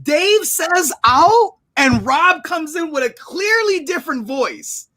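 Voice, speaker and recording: Man, high voice, bright tone, casual live chat, rambling, restarts. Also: very animated, slow pace. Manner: rambling, repeats and restarts, storytelling with laughs. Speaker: storage auction buyer and show regular.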